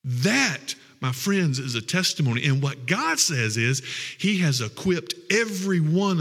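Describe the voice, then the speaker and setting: A man's voice: a little high, big pitch swings, moderate pace, fairly bright tone, breathy edge, long reverb tail. A man preaching a sermon in a folksy, emotional, conversational way.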